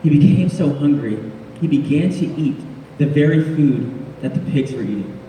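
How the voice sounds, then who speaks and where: A man preaching a casual, jokey sermon, laughing often and adding quick asides. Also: fairly high pitch, animated, dark tone, a little hiss or hum. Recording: echoey hall, speaker far from mic.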